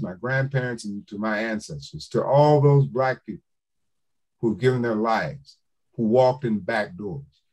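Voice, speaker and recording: Older male author, low-pitched, builds to forceful preacher-like declamation. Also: husky, rough recording. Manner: emphatic preacher-like cadence, rising to declamation. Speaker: author speaking to a book club. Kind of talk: public speaking, storytelling.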